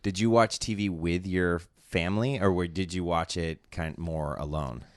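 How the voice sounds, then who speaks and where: Man, podcast host, very low voice, dry close sound, casual chat. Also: moderate pace, no room sound. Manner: relaxed, chatty, many fillers.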